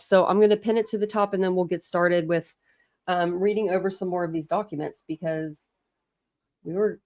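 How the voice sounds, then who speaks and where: A woman's voice: lowish voice, a little mellow, no room sound, studio quality. A woman from Ohio hosting a casual true crime livestream, chatty and laughing often as she greets viewers by name. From Ohio, USA. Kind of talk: casual live-stream chat.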